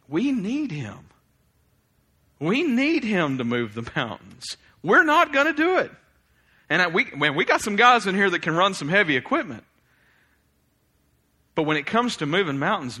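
Male pastor, animated sermon delivery, bright and a touch high. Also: husky. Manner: animated, swings from loud exclamations to quiet reflection, laughs often.

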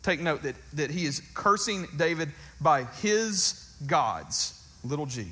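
A man's voice: on the high side, expressive, takes it slowly, a bit bright. A man preaching a casual, conversational sermon, reading scripture aloud with emphasis and talking about it.

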